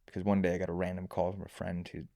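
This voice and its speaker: Low-voiced guy chatting on a podcast, rambly animated storyteller, lots of restarts. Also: rapid-fire. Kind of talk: casual storytelling chat.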